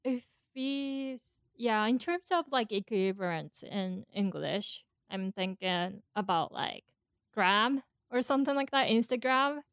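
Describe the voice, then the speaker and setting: Woman, podcast co-host; clear resonant tone, halting and thoughtful, dry close sound. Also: medium pitch, expressive, a bit bright, no echo. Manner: thoughtful, halting explanations with many fillers. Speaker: co-host explaining Japanese pitch accent. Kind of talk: casual podcast chat.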